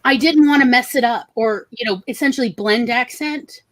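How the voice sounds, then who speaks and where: A woman's voice: on the high side, moderate pace, dry recording. A woman co-hosting a casual group chat, chatty and emphatic. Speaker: co-host.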